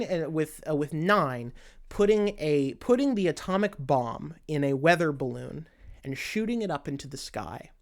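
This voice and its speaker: A man giving a casual spoken essay, earnest and emotional, retelling a story with animated energy. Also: a little high. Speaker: commentator.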